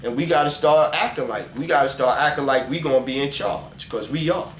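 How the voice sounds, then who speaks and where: A man preaches straight to the camera, animated and profane. He slows right down to read scripture aloud. The room rings with a roomy echo over a faint hum of ambience. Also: medium pitch. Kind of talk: casual religious vlog monologue.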